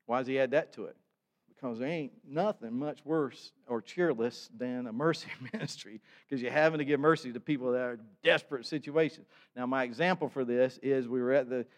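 A man's voice: mid-range voice, brisk. A male pastor, preaching a sermon in a folksy storytelling way and acting out the people in his stories.

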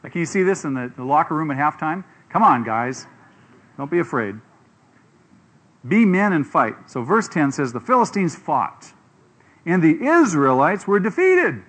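A middle-aged man preaching a sermon in a fairly high voice. He retells the story with energy, acting out the people in it. He keeps turning to his listeners with questions. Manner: animated, acts out quoted voices, asks the audience questions.

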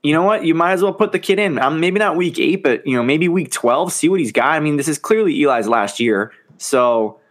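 A man co-hosting a sports podcast in casual, animated chat, laughing often and swearing now and then. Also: fairly high pitch, fairly quick, few pauses. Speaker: podcast co-host.

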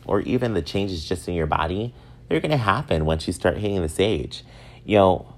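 A man in his thirties from upstate New York, telling self-mocking stories in a casual, animated way. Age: 30s. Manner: animated, self-mocking, swings up high for acted quotes. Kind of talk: casual storytelling monologue.

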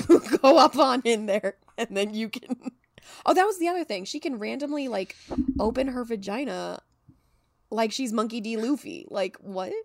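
A woman's voice: a little high, no echo, clean studio sound. A young woman co-hosting a book podcast, chatting casually, laughing a lot and acting out her reactions. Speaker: podcast co-host.

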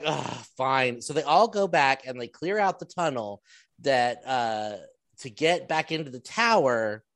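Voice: medium pitch, expressive, a little slow, fairly bright tone, dry recording. A podcast co-host casually recapping a TV episode, telling the plot sarcastically and acting out the characters' lines as quotes.

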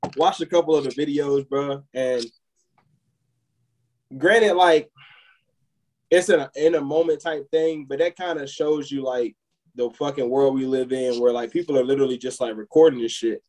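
A man's voice: medium pitch, moderate pace, a little mellow, poor audio. A man co-hosting a podcast in casual chat, rambling with lots of filler words. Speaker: podcast co-host.

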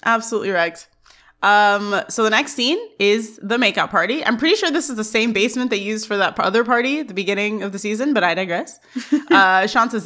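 A woman co-hosting a podcast, giving a casual scene-by-scene recap with lots of giggling and animated retelling. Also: medium pitch, a little fast. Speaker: podcast co-host.

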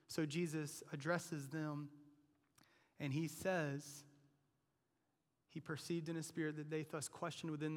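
A male pastor preaching a sermon in a conversational way, often asking "right?" as he talks. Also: fairly high pitch. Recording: long reverb of a large hall.

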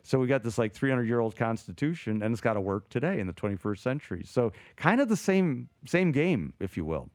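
A man co-hosting a casual theology talk show, animated and thinking aloud with frequent restarts. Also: mid-range voice, brisk, hardly any pauses, no echo, clean studio sound. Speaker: podcast co-host, theologian.

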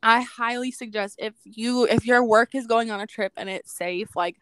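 A woman's voice: a little high, moderate pace, a bit bright, a little hiss or hum. A young woman co-hosting a podcast, telling a personal story in a casual chat with a lot of "like" fillers. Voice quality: says "like" a lot, chatty and reflective. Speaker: podcast co-host.

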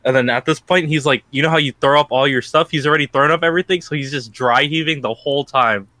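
A man's voice: a little high, fast talker, no echo. Laughing young man telling a story. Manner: animated, laughing often, swearing. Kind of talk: casual storytelling among friends.

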